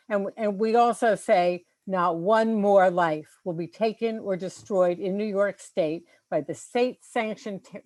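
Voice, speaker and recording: A woman executive director giving a prepared advocacy speech, measured and full of figures. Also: medium pitch, darkish tone, no room sound. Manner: measured, statistic-heavy advocacy. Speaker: civil liberties group director. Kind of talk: prepared press conference speech.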